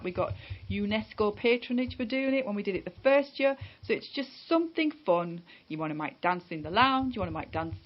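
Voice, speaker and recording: Chatty upbeat woman radio host. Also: medium pitch. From northeast England. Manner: chatty and upbeat, many fillers. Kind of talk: casual radio interview. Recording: dull lo-fi radio recording.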